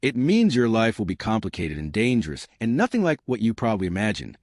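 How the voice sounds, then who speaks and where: A man reading as a calm, guarded crime boss. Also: on the low side, fast, dry recording, studio quality. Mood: firm. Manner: quiet, steady, restrained.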